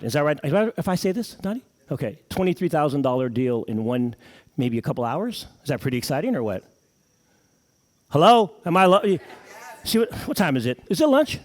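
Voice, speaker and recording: A man's voice: medium pitch, lively intonation, moderate pace. A middle-aged man giving a live motivational talk to an audience in an event room, pumping up the crowd with questions. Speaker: motivational speaker at a sales event.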